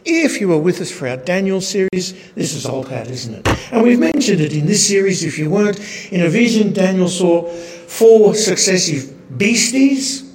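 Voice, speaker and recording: A man gives a sermon-style Bible lesson, walking through slides. His voice sits a little high, and he keeps a wry tone, tossing in rhetorical tag questions. The sound carries a long reverb, as in a large hall. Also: darkish tone. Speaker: Bible teacher. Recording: echoey hall.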